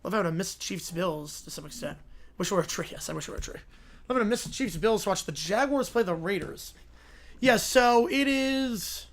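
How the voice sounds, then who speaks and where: Laid-back male livestream host. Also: sits high. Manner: relaxed, offhand, quick asides. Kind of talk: casual livestream chat.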